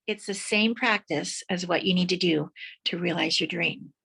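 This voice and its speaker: A woman's voice: lowish voice, normal speed, gravelly, pushed and bright, slightly rough. A woman giving a motivational speech, telling vivid stories and guiding listeners to imagine their dreams. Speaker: motivational speaker.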